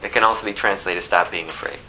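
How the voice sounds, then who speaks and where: A man preaching a sermon, explaining scripture verse by verse. He swings between loud, emphatic high peaks and low, quiet asides. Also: fast talker, a little hiss or hum, rough recording. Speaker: pastor.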